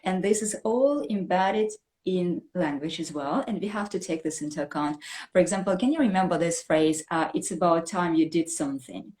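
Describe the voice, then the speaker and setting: A woman English teacher, explaining language points in an animated, conversational way and often checking in with "right?". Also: on the low side, moderate pace. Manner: animated, explanatory, frequent "you know" and "right?".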